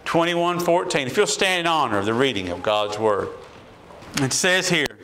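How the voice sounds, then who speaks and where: A man's voice: medium pitch, expressive, normal speed, sharp tone, rough recording. A man preaching a sermon as a pastor, asking the congregation repeated questions and building in intensity.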